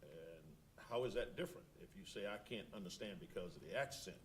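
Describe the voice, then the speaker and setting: A man's voice: deep voice, animated, fairly quick, slight background noise. A man serving as an appellate judge, questioning counsel and thinking aloud with frequent restarts. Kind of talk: courtroom questioning.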